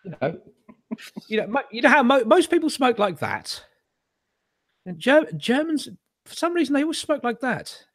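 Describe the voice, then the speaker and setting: A man's voice: very high-pitched, big pitch swings, moderate pace, pauses often, no echo, clean studio sound. A man hosting a casual chat show over a video call, rambling, swearing and laughing at his own jokes. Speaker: host.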